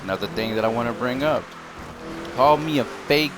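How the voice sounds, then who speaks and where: A gaming YouTuber rants casually to the camera, speaking to his viewers in a heated, repetitive way packed with slang. His voice is medium-pitched at a moderate pace, with a noisy background.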